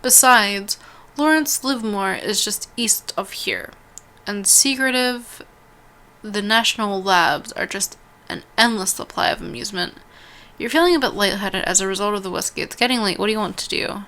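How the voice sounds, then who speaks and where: A woman reading an interactive story game aloud as a let's-play host, stumbling over words, restarting lines and dropping quick asides. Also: medium pitch, sharp tone.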